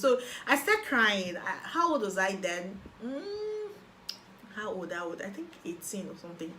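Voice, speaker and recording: A young Nigerian woman telling her personal story as a guest, animated and acting out the voices of people she quotes. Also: medium pitch, moderate pace, slight background noise. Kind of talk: personal testimony.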